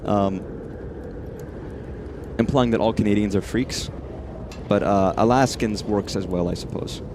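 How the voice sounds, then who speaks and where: A man's voice: fairly low pitch, unhurried, background noise. A man streaming a horror game, rambling and swearing freely as he talks to the things on screen. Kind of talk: casual live-stream commentary.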